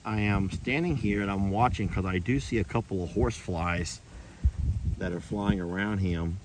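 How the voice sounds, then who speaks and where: A man's voice: low voice, moderate pace, a little hiss or hum. A middle-aged man talking casually to the camera and cooing at his animals outdoors on a farm. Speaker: farm vlogger.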